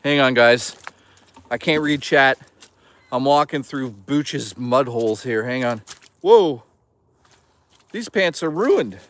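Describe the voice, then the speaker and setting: A man's voice: mid-range voice, lively intonation, slow pace, pauses often, a bit bright. A man live-streaming from a woodland hike, rambling and swearing as he jokes and reads chat. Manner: rambling, profane, jokey. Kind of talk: casual live-stream chatter.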